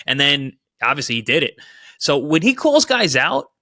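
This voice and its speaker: Animated former boxer, bright voice. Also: male voice, fairly high pitch, very fast, no room sound, clean studio sound. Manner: animated, voice jumps up when excited. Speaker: boxing analyst, former pro boxer. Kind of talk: casual podcast chat.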